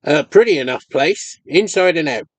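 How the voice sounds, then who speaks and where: A man playing an honest, slow-witted older farmer with a Cornish accent and plain rustic speech. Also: a little high, animated, dry recording. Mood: cautious.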